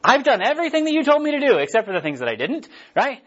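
A man's voice: extremely high pitch, huge pitch swings, fast, fairly bright tone, slightly rough, voice pushed up, exaggerated voice. A man voicing a resentful male prophet who complains in an indignant, whiny way, heard on a dull lo-fi recording.

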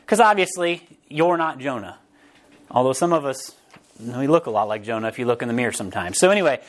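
A man preaching a sermon as pastor, in a casual, animated way, often restarting phrases and briefly acting out quotes. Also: on the high side. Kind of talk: conversational sermon.

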